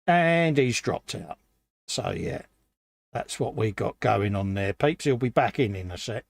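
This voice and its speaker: A man's voice: on the low side, lively intonation, a little slow, gravelly. A man co-hosting a live hobby stream, bantering in a slangy way and jokingly boasting as he builds a model.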